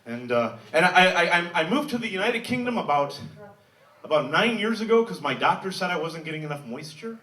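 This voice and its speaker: Brief: American male stand-up, bright animated delivery, wry self-mockery, echoey live room, mic a little distant. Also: high-pitched, fairly quick. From United States. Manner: wry, self-mocking, chatty with the crowd. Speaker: stand-up comedian. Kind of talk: stand-up comedy set. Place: live comedy venue with audience.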